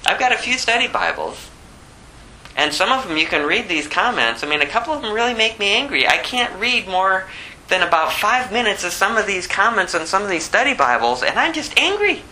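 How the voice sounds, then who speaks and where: A man's voice: sits high, very animated, brisk, pushed and bright, slight background noise, rough recording. A man giving an informal sermon as a Bible teacher, emphatic and conversational, repeating phrases for effect. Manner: conversational with asides.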